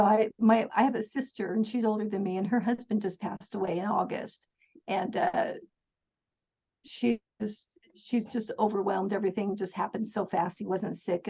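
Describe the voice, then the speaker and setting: A woman's voice: medium pitch, gravelly, warm tone, husky. A middle-aged woman telling stories as a podcast guest in an earnest, chatty way, often laughing and restarting her sentences. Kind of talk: casual storytelling interview. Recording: dull lo-fi sound.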